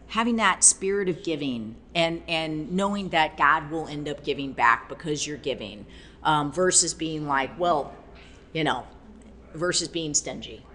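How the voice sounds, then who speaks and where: Lively low-voiced woman trainer. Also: a little slow, slight background noise. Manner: animated, acts out quoted speech; loose rambling phrasing with many fillers. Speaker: fitness trainer. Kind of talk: casual faith-based podcast talk.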